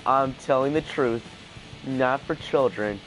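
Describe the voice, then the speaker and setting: A man giving casual let's play commentary, panicking out loud and repeating his exclamations. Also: mid-range voice, slow pace, soft background music. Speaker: gaming video host.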